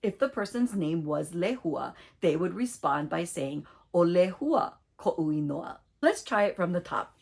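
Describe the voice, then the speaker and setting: A woman teaching a short online language lesson, speaking clearly and deliberately as she leads repeat-after-me drills. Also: lowish voice, expressive, darkish tone.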